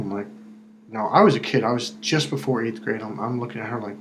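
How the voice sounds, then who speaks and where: A man's voice: lowish voice, steady tone, fast talker. Male self-help coach, chatty and unscripted, slips into quoted voices, faint noise underneath. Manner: conversational, repeats words, acts out quoted voices. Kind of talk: casual spoken advice monologue.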